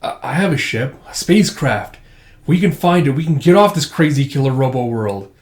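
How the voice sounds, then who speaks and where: A man voicing a blunt male space colonel, pitching his voice up, in a roomy recording. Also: expressive, moderate pace, close to an everyday voice. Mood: brash. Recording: roomy echo.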